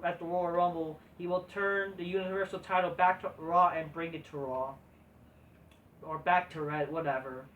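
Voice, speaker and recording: A woman's voice: mid-range voice, a bit bright. A woman reviewing a wrestling show in a crude, profane, scornful rant. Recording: voice distant from the mic.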